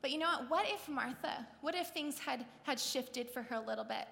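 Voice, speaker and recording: Woman preacher, high voice, lively and chatty, acts out scenes, with a long hall echo. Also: a little fast, vocal fry. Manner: conversational, asks the audience questions. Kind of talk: sermon.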